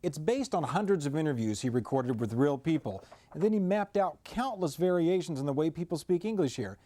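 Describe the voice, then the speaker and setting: A man from Minnesota narrating a TV news feature in a brisk, scripted reporter's delivery. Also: a little high, lively intonation, dark tone, dry recording. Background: music.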